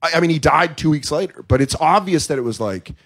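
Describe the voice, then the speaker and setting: Guest: man, somewhat high voice, frank and profane, casual chat. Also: lively intonation, quick pace, a bit bright. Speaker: comedian guest. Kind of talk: candid casual interview talk. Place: comedy club.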